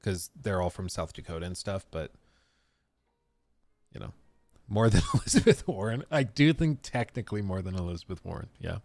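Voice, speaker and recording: A man's voice: low-pitched, expressive, moderate pace, creaky, pauses often, a little mellow, no room sound. Rambling male streamer chatting with viewers. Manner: rambling, reacting to chat with frequent restarts. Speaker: live streamer. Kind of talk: casual chat reading viewer messages.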